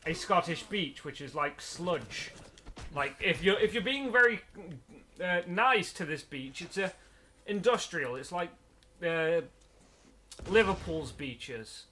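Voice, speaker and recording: Playing a video game, this host talks slowly in a slightly high, sharp voice with lively intonation. He rambles through stories and laughs frequently, and a little hiss or hum sits under the recording.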